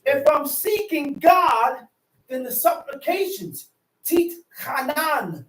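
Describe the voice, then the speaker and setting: A man preaching a sermon with shouted, impassioned bursts, dropping into slow definitions and casual street talk, calling his listeners "man.". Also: very high-pitched, expressive. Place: worship hall. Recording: echoey room, mic far off.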